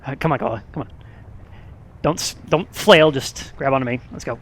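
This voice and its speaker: A man in a VR roleplay, calmly reassuring another player. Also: mid-range voice, moderate pace. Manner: calm, reassuring. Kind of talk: casual VR roleplay chat.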